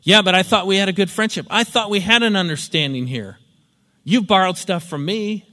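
A man's voice: sits high, brisk, bright, forceful tone, voice pushed up. A man voicing a pleading, self-pitying male friend who makes excuses and guilt-trips. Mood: wounded. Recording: long hall reverb.

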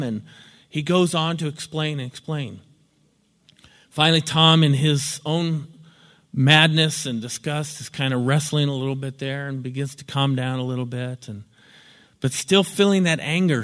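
A man with a fairly high voice explains ideas through a story, in a lecturing, storytelling manner. A long hall reverb trails each phrase. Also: moderate pace, a bit bright. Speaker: teacher. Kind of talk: spoken lecture with acted examples.

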